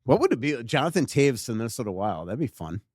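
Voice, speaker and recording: A man hosting a podcast in front of a live audience, telling animated stories and acting out what people said. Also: mid-range voice, fast talker, no echo, studio quality. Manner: animated storyteller, acts out quotes. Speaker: podcast host and hockey writer. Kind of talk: casual chat before a live audience.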